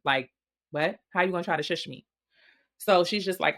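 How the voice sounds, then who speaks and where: A woman's voice: fairly low pitch, normal speed. A woman hosting a casual reality-show gossip recap, blunt and profane. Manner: blunt, profane, animated storytelling. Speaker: recap host.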